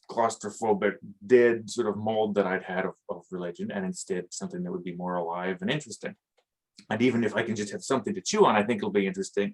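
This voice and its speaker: A man with a somewhat low voice speaks in a reflective conversation, thinking aloud as he goes. He hesitates often, filling gaps with small sounds before finding his words. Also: slightly rough, low-quality recording. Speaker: podcast host.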